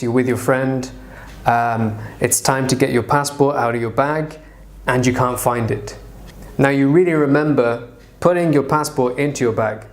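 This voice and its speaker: Guy teaching english online, patient and clear, lots of example sentences, middle pitch.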